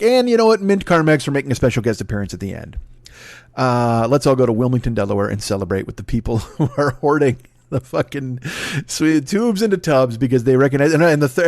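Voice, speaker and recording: A man's voice: mid-range voice, a little mellow, dry recording, clean studio sound. A man in his forties hosting a solo comedy podcast, rambling through profane, self-mocking tangents. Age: 40s. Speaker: podcast host.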